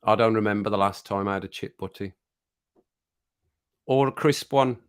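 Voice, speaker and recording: A livestream host chats casually, reading the chat aloud and laughing often. His voice is fairly low, clear and resonant, at a moderate pace, recorded dry with clean studio sound.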